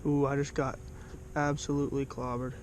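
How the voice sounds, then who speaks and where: A man filming his own fishing trip from a small boat, muttering quietly while he waits and shouting in excited bursts when fish strike. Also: mid-range voice, normal speed, slight background noise. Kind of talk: casual fishing vlog commentary.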